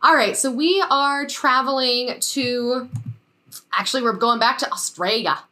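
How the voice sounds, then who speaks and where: A woman co-hosting a casual podcast, animated and often laughing as she wraps up the episode. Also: sits high, unhurried. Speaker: podcast co-host. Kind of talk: casual chat.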